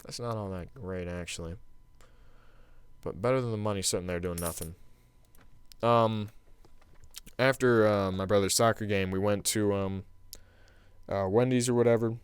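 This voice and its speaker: A man's voice: lowish voice, moderate pace, pauses often, clean tone. A young man hosting a gaming channel who tells a meandering story over his gameplay. He talks casually and fills his sentences with "um" and "like.". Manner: casual and meandering, heavy on fillers like "um" and "like".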